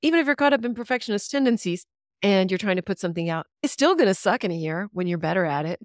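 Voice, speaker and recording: A woman guest on a podcast speaks quickly and animatedly at medium pitch, captured in a dry, clean studio recording. In casual conversation she rants candidly and freely, laughing and swearing along the way.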